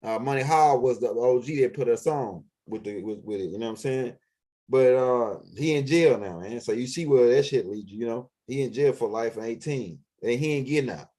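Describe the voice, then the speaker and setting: A man's voice: mid-range voice, a little fast, dark tone. A man telling a story in a casual monologue, rambling, profane and full of repeats and restarts. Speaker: vlog host telling stories.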